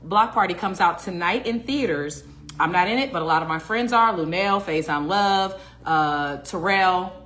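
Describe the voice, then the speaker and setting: A woman hosting a podcast, playful and animated, with crisp, careful diction. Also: lowish voice, moderate pace, slight background noise. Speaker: podcast host, voice actor. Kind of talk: casual chat.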